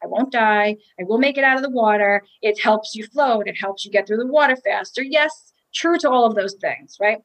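A woman's voice: fairly high pitch, normal speed, few pauses, fairly bright tone, poor audio. A woman telling a candid, emotional personal story about a triathlon, with restarts and quoted inner thoughts.

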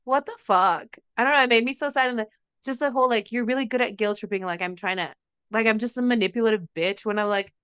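A young woman on a podcast tells a story in casual chat, stringing it along with lots of "like" and acting out every quote. Her voice is bright and smooth, sitting a little high. The recording is dry and close. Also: fast talker, dry recording. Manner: animated storytelling, acts out quotes, frequent "like". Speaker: podcast co-host.

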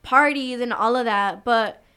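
Chatty earnest woman, slightly high. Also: measured pace, bright, forceful tone, clear, resonant tone. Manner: earnest, chatty, many fillers. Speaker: co-host of a faith talk. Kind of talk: casual faith chat.

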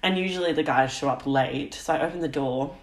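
A young woman telling a story in lively casual podcast talk, swearing now and then. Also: deep voice, fairly quick. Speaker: podcast co-host, pole dance teacher. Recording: roomy echo.

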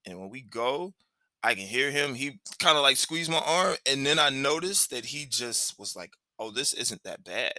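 A podcast host from Cleveland, Ohio, USA speaks at normal speed in a bright, forceful, medium-pitched voice with lively intonation. He tells a personal story loosely and conversationally, full of "like" and "you know," on a dry recording.

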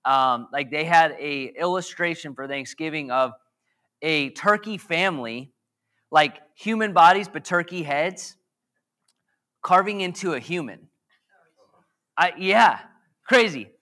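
A man with a bright, forceful and slightly hoarse voice preaches in an easygoing, chatty way. He drifts off on jokey side tangents and keeps asking the audience questions. His voice sits a touch higher than most men's. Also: unhurried, long pauses. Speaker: pastor. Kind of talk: casual conversational sermon.

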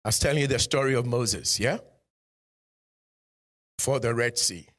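A male pastor preaching a sermon. He acts out short bits of dialogue and builds up to loud, emphatic calls to his congregation. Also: medium pitch, moderate pace. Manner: lively preaching that acts out dialogue in changing voices; rises to loud emphatic exhortation.

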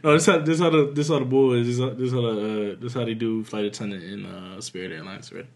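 A man in casual chat, telling animated stories, acting out what people said and laughing often. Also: mid-range voice, fast talker.

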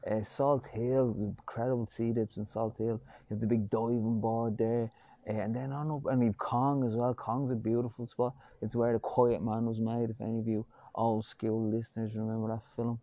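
An Irish man chats loosely on his solo podcast, gravelly and mellow in tone. He rambles cheerfully, throws in jokes and casual swearing. The sound is dry and slightly dull. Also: medium pitch, dry recording. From Ireland. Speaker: podcast host.

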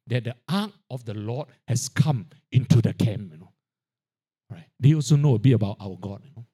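A man preaching a sermon, peppering his lines with "you know, right?" and dropping quiet on the tag-ons. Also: mid-range voice, breathy edge. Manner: drops to a quiet aside on filler tags. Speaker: pastor.

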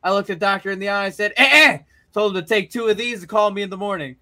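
A brash, crude wrestler barks a defiant promo full of curses, as a man puts him on. The voice is bright and high, and fast in places. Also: steady tone. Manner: rowdy, cursing promo.

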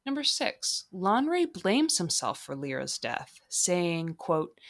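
A woman's voice: lowish voice, big pitch swings, slow pace, hardly any pauses. A young woman hosting her own podcast, chatting casually and poking fun at herself, leaves her slips in, a little tipsy. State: slightly tipsy. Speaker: podcast host. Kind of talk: casual solo podcast monologue.

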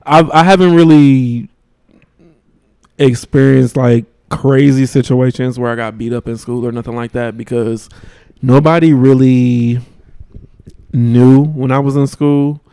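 A man in his thirties, a podcast co-host, telling a story in casual chat and acting out the quotes with big jumps in pitch. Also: fairly even intonation, a little slow, mellow, clean tone, no echo.

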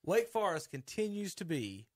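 Male host, slightly higher voice, relaxed radio sports banter. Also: moderate pace, dry recording, studio quality. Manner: easygoing, runs the picks, laughs often. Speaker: sports talk show host. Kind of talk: casual radio sports chat.

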